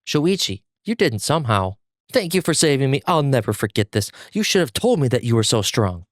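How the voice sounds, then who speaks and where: A man voicing a cowardly teenage swordsman who whines and yelps in panic, in a high nasal voice. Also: big pitch swings, a little fast, no room sound, studio quality, lightly acted. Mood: relieved. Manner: panicky, yelping. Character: cowardly teen boy swordsman, shrieking and whiny.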